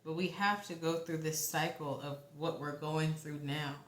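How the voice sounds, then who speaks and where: A young woman giving a casual tarot reading, talking in a halting, rambling way with the odd swear word. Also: sits low, steady tone, echoey room. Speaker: tarot reader.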